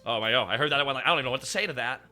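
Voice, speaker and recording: A young man with a Canadian accent and a very bright, forceful voice talks casually to his stream. He is animated, swears freely and laughs often. Faint music plays behind him. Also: medium pitch, very fast. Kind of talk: casual chat.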